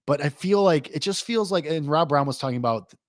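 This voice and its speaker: A man hosting a live sports betting reaction show, talking loosely and rambling, full of "like", with excitable jumps and low asides. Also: a little fast, no echo. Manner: rambling, loose, heavy use of "like"; excitable swings between lively and low asides. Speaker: host.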